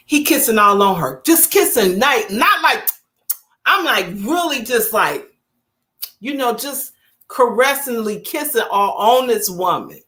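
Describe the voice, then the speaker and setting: Woman in her fifties, lively swooping pitch, casual live-stream storytelling. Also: a little slow. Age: 50s. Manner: animated storytelling, laughing, dramatic swoops. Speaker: vlogger.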